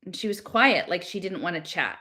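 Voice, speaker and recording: A woman's voice: lowish voice, lively intonation, a little fast, sharp tone. A woman reading a novel aloud in a casual manner, stopping now and then to laugh and comment on the text. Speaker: reader.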